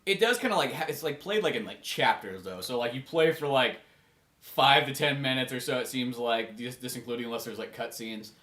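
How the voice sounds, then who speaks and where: A man's voice: medium pitch, animated, a little fast, a bit bright, roomy sound. A man co-hosting a podcast in casual chat, rambling and swearing with lots of fillers. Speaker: podcast co-host.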